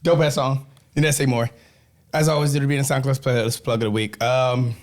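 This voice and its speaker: A man's voice: mid-range voice, fairly even intonation, brisk. A man hosting a casual podcast, joking and profane, laughing often and winded from running back. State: winded, coughing. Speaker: podcast host.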